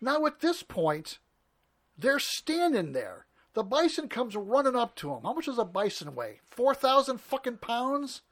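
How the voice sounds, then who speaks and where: Animated, foul-mouthed man, lively pitch. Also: a little slow. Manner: animated, swears constantly, laughs often. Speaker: podcast co-host. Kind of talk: profane casual banter.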